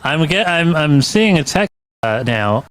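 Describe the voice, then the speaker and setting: A man's voice: on the high side, very animated, a little slow, a bit bright, clean tone, no echo. A man co-hosting a live comedy stream, chatting casually and laughing at his own jokes. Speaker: co-host.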